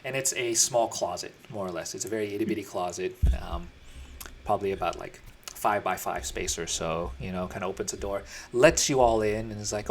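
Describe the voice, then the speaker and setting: A man's voice: on the low side, brisk, creaky, slight background noise. A man narrating as dungeon master in a tabletop game, talking casually with fillers and restarts.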